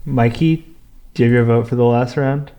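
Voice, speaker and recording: A young man co-hosting a podcast, calmly counting votes and running a game between the hosts. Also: mid-range voice, lo-fi sound. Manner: slow, deliberate, easy laughter. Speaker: podcast co-host, tallies votes. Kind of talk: casual chat, running a game.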